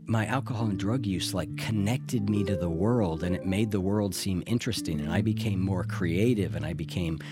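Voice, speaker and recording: A man's voice: low voice, moderate pace, few pauses, over music. A middle-aged man speaking candidly in an interview, reflective and earnest, with the odd restart. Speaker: interview guest in addiction recovery.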